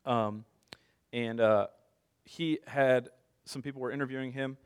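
A man's voice: mid-range voice, fairly even intonation, measured pace, clear, resonant tone. A man in his thirties preaching a sermon as a pastor, conversational, telling stories with self-deprecating humor.

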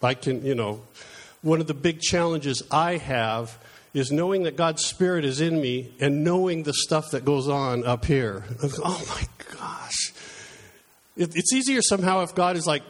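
A man's voice: a little high, lively intonation, normal speed, hardly any pauses. A middle-aged man preaching a conversational sermon, telling personal stories in a chatty, self-deprecating way.

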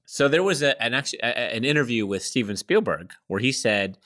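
A man's voice: medium pitch, expressive, brisk, fairly bright tone. A man co-hosting a podcast in casual chat, playful and self-mocking as he speculates on a topic. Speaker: podcast co-host.

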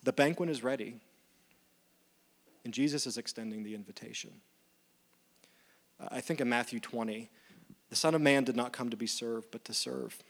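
A man's voice: mid-range voice, moderate pace, long pauses. A male pastor preaching a sermon in a conversational way, acting out the lines of the parable. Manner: conversational, animated retellings of dialogue.

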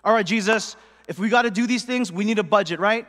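Brief: preacher voicing excitable young disciples, chattering in a high voice, long hall echo. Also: male voice, fast. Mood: excited. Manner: breathless, chattering, full of 'like' and repeats. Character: eager young male disciples, excitable then alarmed.

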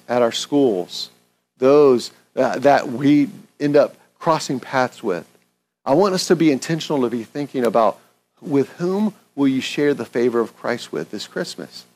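A man, a pastor, preaching a sermon in an earnest, conversational way, repeating his key phrases. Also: mid-range voice.

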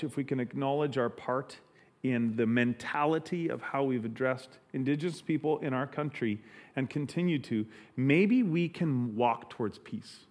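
Middle-aged male pastor, earnest sermon delivery, halting with frequent restarts, average pitch. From Canada.

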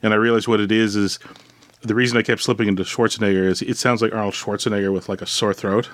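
A man's voice: fairly low pitch, fast talker, dry recording. Chatty man with a dry, close sound. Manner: relaxed, rambling, many fillers and restarts. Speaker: podcast co-host. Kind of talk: casual chat while building a kit.

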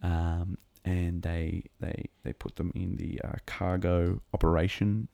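A man's voice: sits low, little pitch movement, slow pace, gravelly, warm tone, no echo. A man recapping a show episode in a casual, rambling and enthusiastic way, with lots of ums and restarts. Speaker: show reviewer.

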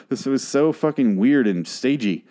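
A man casually recapping a TV episode in a sarcastic, profane, rambling way, sometimes trailing off into quiet mutters. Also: medium pitch, lively intonation, unhurried. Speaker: show recap host.

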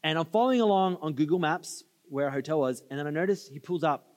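High-voiced pastor in an echoing hall. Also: male voice, fast. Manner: storytelling, conversational asides, audience call-and-response. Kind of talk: sermon. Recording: reverberant hall.

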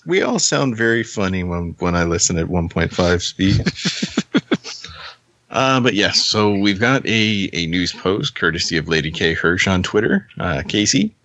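A man co-hosting a podcast, chatting casually over a remote call, halting and often laughing. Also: sits low, animated, fairly bright tone, no room sound. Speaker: podcast co-host. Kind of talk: casual group chat on a call. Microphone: own mic on a remote call.

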